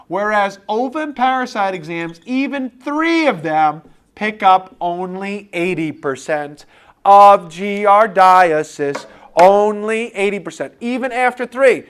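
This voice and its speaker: Guy teaching med exam prep, bouncy voice, acts out student questions himself. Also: sits high. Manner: animated, acts out imagined student replies. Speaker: medical exam lecturer. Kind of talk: recorded board review lecture.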